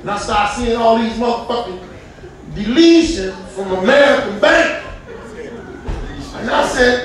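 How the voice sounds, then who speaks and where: A male stand-up comedian telling a loud, profane story with bursts of shouting. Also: very high voice, sing-song, normal speed, pauses often. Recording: echoey room, distant mic.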